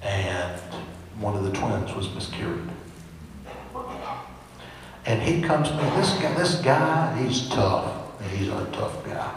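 A man's voice: fairly low pitch, expressive, slow, distant mic. A man preaching an earnest sermon as pastor, building up to emphatic peaks. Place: large echoey church hall. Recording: echoey hall with faint hiss.

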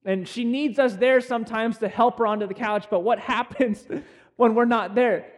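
A young man preaching a sermon as pastor, earnest and conversational, with pauses and restarts. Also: very high-pitched, steady tone.

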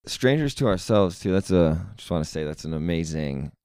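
A man's voice: low-pitched, animated, normal speed, a little mellow, dry recording. A young man, a band member guest, talking casually and laid-back, swearing and acting out quotes. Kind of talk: casual interview chat.

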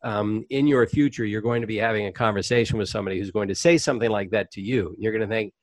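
A man's voice: lowish voice, fast talker, no room sound. Chatty middle-aged man telling stories. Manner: animated, chatty anecdotes with frequent fillers. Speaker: voice actor and comedian, guest. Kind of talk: casual interview storytelling.

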